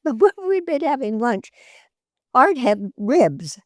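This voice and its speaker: An older actress, a guest in an interview, tells lively anecdotes, laughs often and acts out the voices of people in her stories. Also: high-pitched, slow, dry recording, clean studio sound.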